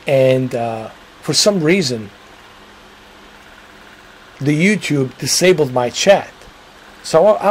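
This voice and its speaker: A man's voice: mid-range voice, gravelly, a little hiss or hum, poor audio. Rambling man chatting on a livestream. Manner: rambling, talks to chat viewers, swears casually. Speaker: livestream host. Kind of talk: casual livestream chat.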